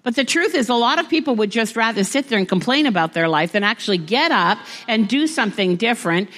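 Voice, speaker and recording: A woman's voice: fairly high pitch, animated, fast talker, fairly bright tone. A woman pastor preaching to a congregation, talking plainly and rising to emphatic exhortation. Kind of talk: sermon. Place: church hall before a congregation.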